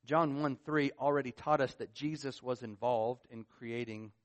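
A man's voice: mid-range voice, normal speed. A man preaching a sermon as pastor, stressing key words with rises and drops in voice. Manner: emphatic, rising and falling with stress.

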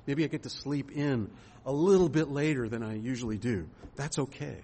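A man delivers a sermon with a slightly husky voice, mid-pitched and unhurried. He preaches conversationally, tossing out rhetorical questions and the odd filler as he goes. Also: mellow. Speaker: pastor.

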